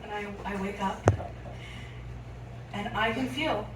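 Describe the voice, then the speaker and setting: A young adult woman telling a funny story live on a club stage, animated and often laughing as she acts out voices. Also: medium pitch, slow, very noisy. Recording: echoey room, from far off, audible ambience.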